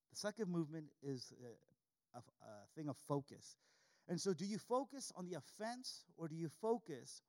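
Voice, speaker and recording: A man's voice: on the high side, a little mellow. A man preaching a sermon, reading scripture aloud and repeating key lines for emphasis. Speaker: pastor.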